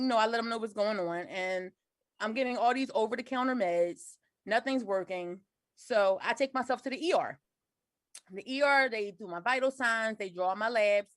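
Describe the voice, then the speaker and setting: Woman in her 40s telling her story over a video call, highish voice, dry sound. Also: dry recording. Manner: earnest, detailed storytelling. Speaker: guest sharing her story. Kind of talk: personal storytelling.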